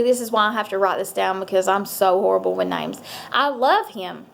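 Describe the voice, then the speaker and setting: A woman's voice: mid-range voice, a little fast, vocal fry, slight background noise. A woman chatting casually to her viewers, rambling with lots of fillers. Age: adult parent. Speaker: vlogger. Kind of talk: casual chat to camera.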